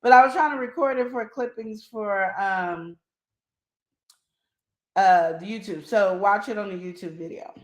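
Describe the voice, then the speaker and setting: A middle-aged woman co-hosting a relationship advice show, chatting casually and telling stories with drawn-out emphasis. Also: mid-range voice. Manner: animated storyteller, drawn-out emphatic phrasing. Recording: roomy echo.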